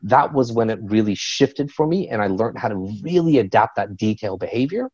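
A man who works as a business coach, talking as a podcast guest in a quick, energetic way and telling stories with a lot of animation. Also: fairly low pitch, husky, dry recording, muffled recording. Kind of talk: podcast interview.

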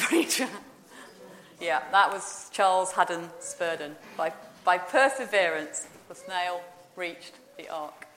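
Quizzing the congregation in a chatty, playful way, a woman gives an informal all-age talk at a church service. Her voice sits in the mid range with a slightly bright tone, and the sound echoes around the church.

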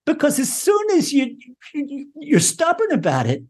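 A man giving a Torah lesson in an animated, repetitive way, acting out prayers and laughing often. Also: very high voice, moderate pace. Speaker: Torah teacher.

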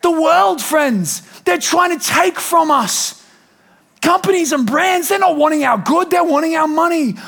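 A male pastor preaching a sermon to a congregation, animated and shouting some lines for emphasis. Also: very high-pitched, a little slow, creaky. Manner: animated, shouting for emphasis with playful quoted voices. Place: church hall before a congregation.

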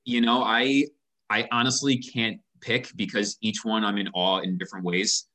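A company founder, appearing as a guest in a relaxed sit-down interview, speaks passionately and earnestly at a normal speed, often repeating the first word when starting a sentence. His voice sits low yet sounds bright and forward.

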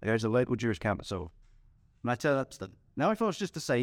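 Man preaching, lively storyteller who laughs at his own jokes, dry close sound. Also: mid-range voice, quick pace, no room sound. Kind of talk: sermon with storytelling.

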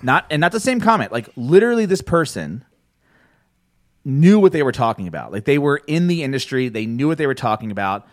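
A man's voice: medium pitch, fairly quick, dry recording, studio quality. A man hosting a podcast in casual chat, telling stories with lots of laughs and swearing. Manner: animated storyteller, swears freely, laughs often. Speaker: podcast host.

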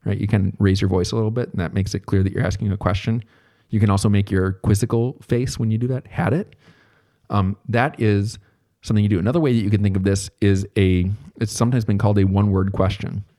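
A man giving a relaxed, conversational recorded lecture as a therapy instructor, thinking aloud as he explains. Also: fairly low pitch, fast talker.

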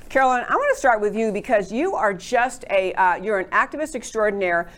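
Hosting a political talk show, this woman delivers a conservative monologue in a medium-pitched, expressive voice at a fairly quick pace. She introduces her guests casually, with plenty of rambling asides.

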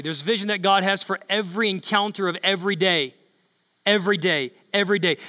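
In a large church hall, a male pastor with a high voice preaches emphatically, repeating himself as he builds toward shouting.

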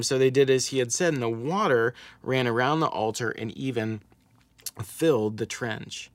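A man's voice: medium pitch, animated, fairly quick, no room sound. Man preaching a dry, close sermon. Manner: storytelling preacher reading scripture aloud with rising emphasis. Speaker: pastor.

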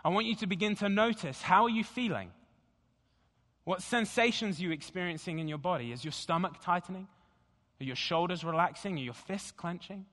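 A pastor speaking slowly and deliberately in a sermon, guiding the congregation through a scripture meditation. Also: male voice, high voice. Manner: slow, deliberate and gentle. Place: church sanctuary. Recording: long hall reverb.

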